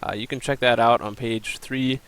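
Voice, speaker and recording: Gravelly young man explaining step by step. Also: medium pitch, fairly even intonation, moderate pace, a bit bright, low-quality recording. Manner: plain explanatory, walks through steps with um and uh. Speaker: student presenter. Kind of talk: recorded class presentation with screen demo.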